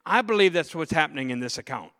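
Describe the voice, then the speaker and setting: A man in his forties preaching with a high, bright, ringing voice. His sermon is emphatic and he throws himself into quoted lines. The sound carries a long reverb from a large church hall. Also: animated, fast talker. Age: 40s. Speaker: pastor.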